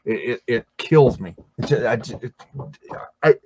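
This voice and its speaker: Going through chat on his casual livestream, this American host has a mid-range, slightly rough voice with a darkish tone and a moderate pace. His talk wanders, full of fillers and false starts.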